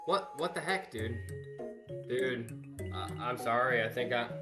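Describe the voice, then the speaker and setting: A man's voice: mid-range voice, measured pace, music in the background. A man commentating his live speedrun, nervous and apologetic, stammering and restarting his sentences.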